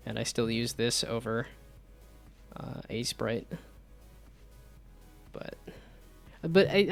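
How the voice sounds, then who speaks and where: A man's voice: mid-range voice, creaky, fairly bright tone. A man chatting casually on a live stream about his game development projects, rambling and self-deprecating.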